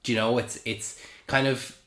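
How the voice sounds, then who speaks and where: A man co-hosting a film podcast, talking casually in a measured, reflective way. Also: mid-range voice, flat delivery, fairly bright tone. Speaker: podcast co-host. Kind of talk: casual film review chat. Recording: roomy echo.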